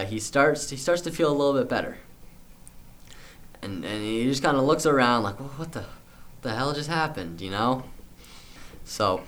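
A young man spinning a made-up story in a loose, rambling way, full of fillers and restarts. His voice sits a little low and his delivery stays easygoing. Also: a bit bright. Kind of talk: casual improvised storytelling.

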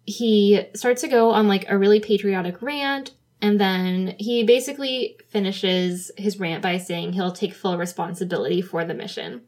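A woman co-hosting a podcast, recapping a TV drama in a relaxed, casual chat with frequent fillers and easy laughter. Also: medium pitch, normal speed, hardly any pauses. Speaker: podcast co-host.

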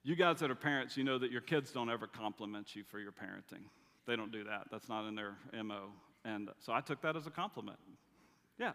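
Speaking in a medium-pitched, slightly bright voice, this middle-aged pastor delivers a conversational sermon full of family anecdotes and dry wit. The recording carries a large hall's long reverb.

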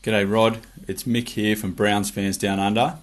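A man's voice: fairly low pitch, level tone, measured pace. A man with an Australian accent, president of a fan club, sending an enthusiastic recorded message. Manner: enthusiastic, colloquial.

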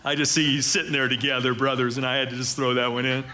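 A man's voice: mid-range voice, steady tone, fairly quick, few pauses, pushed and bright. A middle-aged man preaching a sermon as pastor, conversational with joking asides, building to emphatic declarations.

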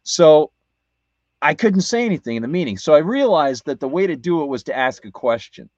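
A man's voice: fairly high pitch, sing-song, fairly quick, darkish tone, no echo, lo-fi sound. A man co-hosting a talk radio show, telling a rambling story with many restarts. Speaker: radio co-host. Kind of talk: casual anecdote on talk radio.

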